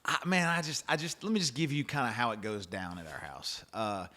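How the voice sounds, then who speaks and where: A middle-aged man hosting a relaxed faith-based podcast chat at a medium pitch. He rambles, restarts his sentences and acts out the lines he quotes. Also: fairly quick. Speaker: podcast host.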